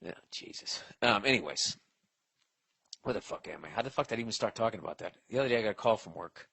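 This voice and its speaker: A man's voice: fairly low pitch, lively intonation, fast, gravelly, a bit bright, breathy edge. A man hosting a comedy podcast, ranting in a profane, rambling and blunt way while giving advice. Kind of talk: casual comedic rant.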